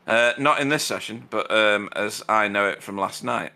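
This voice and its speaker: A man calls a sim race as host of the broadcast. His voice is bright and crisp, and he talks in a loose, chatty way with dry jokes at his own expense. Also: on the low side, moderate pace. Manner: chatty, dry self-deprecating humor. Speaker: sim racing commentator. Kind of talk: live race commentary.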